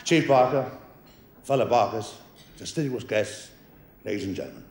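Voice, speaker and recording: A man giving an after-dinner comedy speech as guest of honour at a lunch, delivering deadpan one-liners and chuckling at his own jokes. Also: fairly low pitch, normal speed. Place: lunch banquet hall. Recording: echoey hall, laughing audience, background noise.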